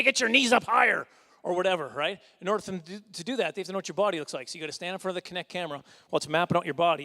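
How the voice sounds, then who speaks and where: A middle-aged man doing a stand-up comedy set at a fundraising dinner, rambling and self-deprecating, with quick asides and chuckles. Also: high-pitched, a bit bright.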